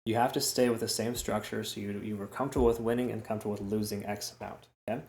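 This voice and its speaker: Male trading host, low voice, casual rambling delivery, roomy echo. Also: steady tone, fast talker, creaky, a little mellow. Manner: chatty, repeats words, frequent "okay?" and "right?" asides. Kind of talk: casual chart analysis talk.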